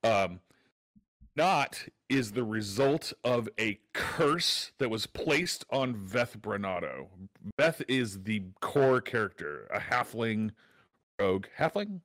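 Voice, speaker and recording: A man with a lowish voice recapping a show in a loose, animated chat. He talks fast in bursts and peppers his lines with fillers. The sound is dry and close. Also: dry recording. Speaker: podcast co-host. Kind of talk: casual chat about a show.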